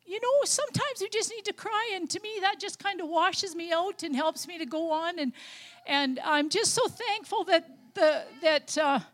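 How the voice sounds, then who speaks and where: A woman's voice: very high-pitched, expressive, normal speed, fairly bright tone. An older woman, a grandmother, giving an informal, heartfelt talk at church, rambling with many fillers and restarts. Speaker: lay speaker at church.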